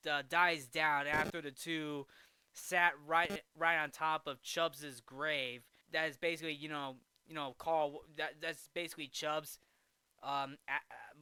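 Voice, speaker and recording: A man's voice: a little high, bright, forceful tone, clear, resonant tone, dry recording. A man hosting a casual film recap, rambling with frequent restarts and fillers.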